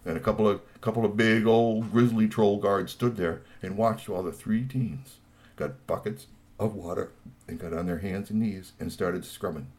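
A man telling a children's story in a playful, animated way, with lots of asides. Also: fairly low pitch, normal speed.

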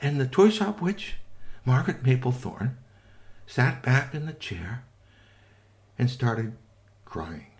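A man narrating a children's tale in a sing-song way, often asking the listener questions. His voice rises and falls widely, sinking soft at gentle moments. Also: medium pitch, slow, long pauses. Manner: animated, sing-song, with many asides to listeners. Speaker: storyteller.

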